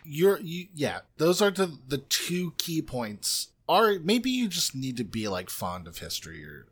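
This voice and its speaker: Halting, sweary American man. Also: fairly high pitch, big pitch swings, fairly bright tone, slightly rough. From United States. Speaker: podcast co-host. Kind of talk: casual film-review chat.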